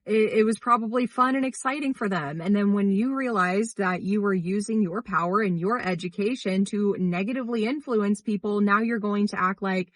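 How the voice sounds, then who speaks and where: A woman critiques a creator in pointed, incredulous commentary. Her voice sits at a mid pitch. It comes across dry, as if she is sitting a little away from the mic. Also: normal speed, hardly any pauses, no echo. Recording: dry, slightly distant mic.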